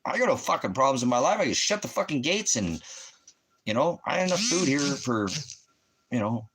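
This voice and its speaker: A man's voice: medium pitch, very animated, fairly quick, a bit bright, slightly rough. A man in his fifties from the United States, talking at home in a loose, swearing, rambling monologue. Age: 50s. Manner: profane, ranting, loose and rambling. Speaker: channel host.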